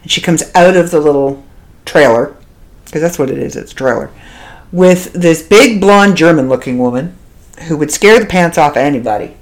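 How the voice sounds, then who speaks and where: A woman from Canada hosting a podcast from her home studio, telling a story in a casual, animated way and laughing often. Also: deep voice, moderate pace. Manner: animated, laughs often, acts out quoted voices. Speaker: podcast host.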